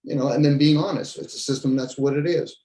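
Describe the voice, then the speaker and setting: A male podcast host talks bluntly in a casual debrief chat, ranting and swearing some. He speaks fast in a fairly high, mellow voice with a steady tone, and the room sounds echoey.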